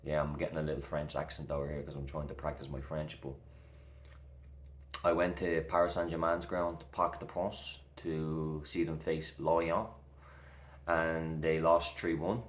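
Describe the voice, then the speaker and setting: A man's voice: extremely low pitch, level tone, normal speed, echoey room. A man, talking earnestly and reassuringly to camera, rambling with fillers. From Ireland. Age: 30s. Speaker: recovery coach vlogger. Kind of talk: heartfelt casual talk to camera.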